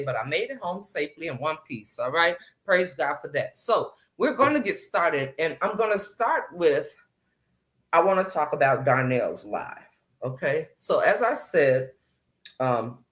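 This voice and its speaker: A woman hosting a casual live stream chat, greeting viewers by name and speaking emphatically, often repeating phrases. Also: deep voice.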